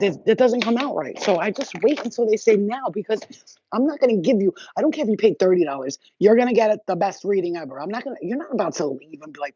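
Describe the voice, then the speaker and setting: A woman's voice: on the low side, warm tone, slight background noise. A woman doing a spiritual reading, talking in a casual livestream chat that is blunt, profane and rambling. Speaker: spiritual reader. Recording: dull lo-fi, dry.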